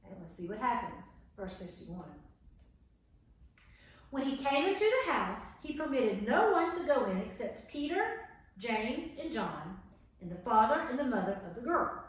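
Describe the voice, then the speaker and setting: A woman teaching a Bible class for young children, telling the story in an animated way and speaking loudly so the camera across the room can pick her up. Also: fairly high pitch, moderate pace. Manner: animated, acts out voices of the story characters; talks loud to reach the camera. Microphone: far camera mic. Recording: very echoey room, camera far off.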